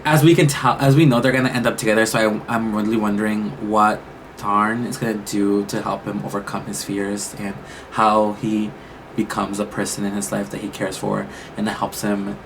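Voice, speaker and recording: A young man, a reaction YouTuber, talks casually and emotionally about a show episode in a lowish voice over a noisy background. He's exclamatory and thinks out loud, restarting his sentences again and again.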